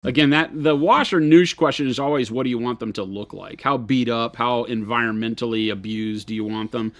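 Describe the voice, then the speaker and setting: A man's voice: mid-range voice, brisk. A man co-hosting a live miniature-painting stream, rambling and joking in casual chat.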